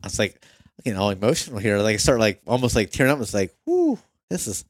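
Deep-voiced man telling a story. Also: racing, dry recording, clean studio sound. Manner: earnest, animated storyteller acting out his own thoughts. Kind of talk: casual storytelling.

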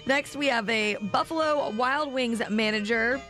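A woman's voice: a little high, measured pace, sharp tone, faint music behind. A woman co-hosting a radio show, chatty and giggly, who calls guests honey. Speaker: radio co-host. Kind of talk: casual morning radio banter.

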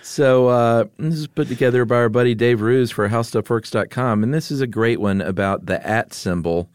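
A man's voice: mid-range voice, moderate pace, clear, resonant tone, dry recording, clean studio sound. A man co-hosting a podcast in casual chat, easygoing and loose, often laughing. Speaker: podcast co-host.

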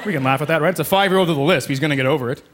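A man in his thirties performs a sarcastic stand-up set on a club stage, speaking very fast in a high, slightly bright voice and jumping into mocking voices. Crowd laughter and noise fill the live club recording.

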